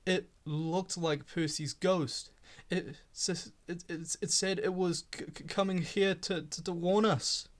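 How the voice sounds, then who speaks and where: A man's voice: high voice, fairly even intonation, a little slow. A man voicing a timid old male tram engine who stammers in a shaky voice. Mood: frightened.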